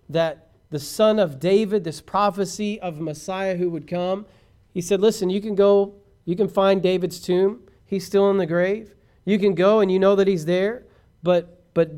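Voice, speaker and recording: A man's voice: sits high, a little mellow. A male pastor preaching a sermon, talking straight to his congregation and building to impassioned peaks. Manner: preaching, rising to impassioned crescendos; asks the congregation questions directly.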